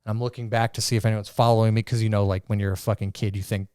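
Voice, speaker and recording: Man, young adult, podcast co-host, smooth clear voice, dry close mic, profane animated storytelling. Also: fairly low pitch, racing, no room sound. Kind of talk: casual chat.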